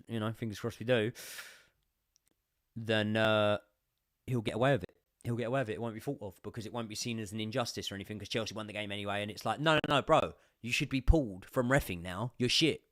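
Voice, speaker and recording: A young man giving sweary live commentary as a football fan on a watchalong stream, swinging from muttering to shouting. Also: fairly low pitch, no room sound, studio quality.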